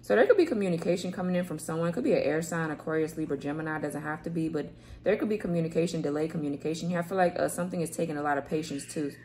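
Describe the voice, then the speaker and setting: A woman's voice: low voice, very fast, few pauses, warm tone, a little hiss or hum. A woman reading tarot cards to camera in a loose, rambling way, repeating words and swearing casually. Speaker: tarot reader. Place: home room, kids heard playing outside.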